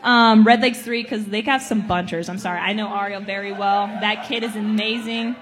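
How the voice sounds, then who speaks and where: A woman's voice: mid-range voice, fairly even intonation, moderate pace, background noise. A woman co-hosting a casual podcast chat, joking and swearing freely. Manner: profane, joking. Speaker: podcast co-host.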